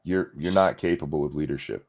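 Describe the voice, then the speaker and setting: A man's voice: rumbling low, fairly quick, darkish tone. A man hosting a podcast, ranting in casual, mocking, sarcastic commentary. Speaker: podcast host.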